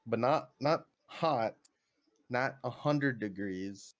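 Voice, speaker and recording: A man on a stream's voice chat, talking loudly and repetitively, complaining in casual chat. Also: medium pitch, slow, no echo, clean studio sound. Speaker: guest on voice chat.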